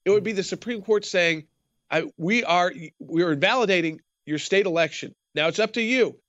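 A man's voice: sits high, normal speed, a bit bright, no room sound, muffled recording. A man who is a guest commentator, explaining things in a remote interview and often restarting his sentences.

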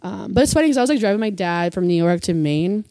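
A young woman comedian in casual podcast chat, talking fast with lots of "like" and frequent laughter. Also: medium pitch, animated, warm tone, dry recording. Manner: chatty, laughs often, lots of "like".

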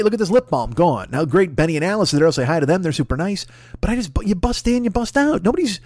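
A man telling a rambling comic story, profane and animated, acting out other people's voices. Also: a little high, no echo. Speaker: comedy podcast host.

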